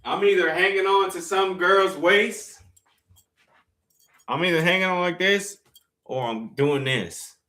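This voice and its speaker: A young man streaming live, telling a story to his chat in an animated, slangy, profane way and reading the chat aloud. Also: high-pitched, unhurried, pauses often.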